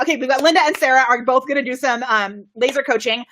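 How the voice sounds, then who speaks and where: An excitable woman coaches her viewers during a live video stream. Her voice sits a little high, and she laughs and bursts with energy as she talks. Her microphone is kept well away from her. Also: a little fast. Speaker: camera confidence coach. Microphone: microphone kept far from her.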